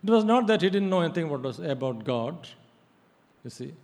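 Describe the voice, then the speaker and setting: A male pastor giving a sermon, emphatic and halting, with frequent hesitations. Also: on the high side, very animated, darkish tone. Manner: emphatic preaching with many hesitations. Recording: long reverb of a hall.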